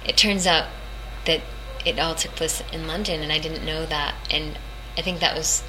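A woman's voice: sits low, fairly even intonation, moderate pace. A young woman voice actress chatting in an interview, rambling and laughing often as she tells her story. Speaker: voice actress guest. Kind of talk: casual interview chat. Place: hotel room at a convention. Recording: noisy room ambience.

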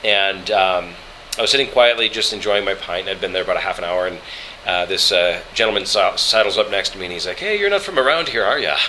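A man, a voice actor from Colorado, telling travel stories in a relaxed interview, halting with many fillers and restarts. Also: sits low, a little hiss or hum, poor audio. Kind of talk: relaxed interview chat, storytelling.

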